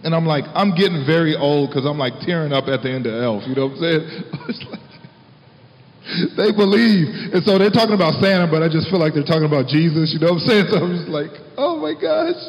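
A man's voice: on the high side, fast, hardly any pauses. Man preaching in a reverberant hall. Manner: conversational, laughs often, reads scripture aloud. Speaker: pastor. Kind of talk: sermon. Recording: long hall reverb, dull lo-fi sound.

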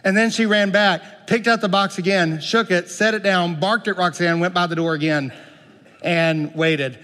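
High-voiced man preaching in a reverberant hall. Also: normal speed. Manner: animated preaching, shifts between loud pleading and quiet asides. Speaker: pastor. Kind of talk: sermon.

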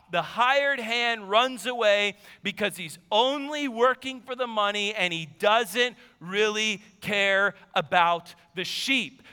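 A pastor in his thirties preaching a sermon and telling a personal story, animated, dropping to low asides and rising to shouted emphasis. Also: clear, resonant tone, in a large hall. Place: church sanctuary.

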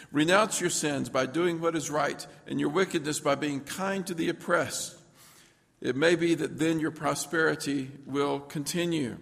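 A man with a gravelly voice preaches a sermon. He reads scripture passages aloud and then explains them plainly. His voice carries a long reverb from a church hall. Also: a little high. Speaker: pastor.

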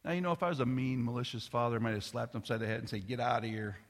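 Talking very fast with lively intonation, a middle-aged pastor with a mid-range voice shares a family story during his sermon, casual in tone, with restarts and moments of soft near-whispering. A large hall adds long reverb.

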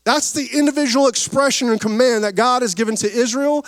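High-voiced preaching man, lively delivery. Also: brisk. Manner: preacherly, rising and falling emphasis, calls for amens; folksy humor. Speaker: pastor. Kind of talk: sermon.

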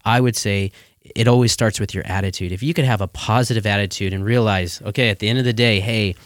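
A man speaking as a guest in a casual chat, earnest and relaxed, with many "you know" fillers. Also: fairly low pitch, fast, no echo.

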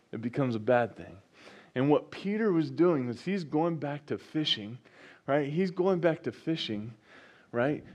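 A male pastor preaching a sermon, reading scripture and repeating key phrases with rising enthusiasm. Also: medium pitch. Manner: preaching with rising excitement and repetition.

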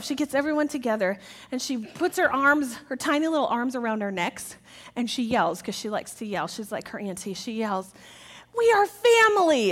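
A woman giving a jokey, lively talk to a church audience about children's ministry, acting out quotes in a raised voice. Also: high-pitched.

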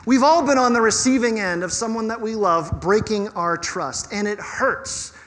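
A pastor preaching a sermon in an animated, conversational way with touches of humor. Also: male voice, sits high, measured pace, in a large hall.

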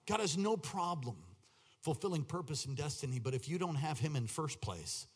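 Exhorting pastor with a husky voice. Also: male voice, fairly high pitch, animated, moderate pace. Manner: exhorting, repeats lines, rises to near-shouted peaks. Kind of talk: sermon. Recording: long hall reverb, faint music behind.

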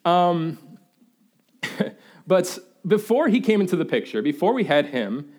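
A young man preaching in a church, his voice sitting a little higher than most men's. He preaches with animated, playful energy and spills into excited stories about his baby. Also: takes it slowly. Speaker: pastor. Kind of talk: sermon.

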